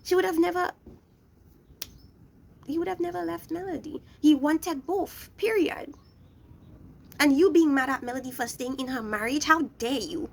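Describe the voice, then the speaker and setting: A woman's voice: sits high, moderate pace, gravelly, long pauses, darkish tone, slight background noise. A young woman recapping a reality show in a blunt, scolding rant, talking straight at the people she criticizes. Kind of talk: ranting show review.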